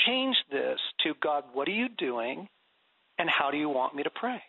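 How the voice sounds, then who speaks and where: A middle-aged man with a raised, gravelly, husky voice tells stories about prayer, laughing as he goes. He sounds dry and thin, as if heard over a phone line on the radio. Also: a little high, unhurried, no room sound. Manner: animated storyteller, laughs often. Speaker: guest author on prayer. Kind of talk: conversational faith interview.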